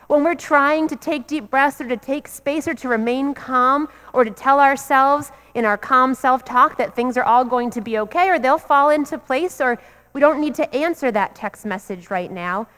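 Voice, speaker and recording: High-voiced woman preaching in a reverberant church. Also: normal speed, a bit bright, clear, resonant tone. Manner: earnest, repetitive preaching cadence. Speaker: pastor. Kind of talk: sermon. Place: church sanctuary.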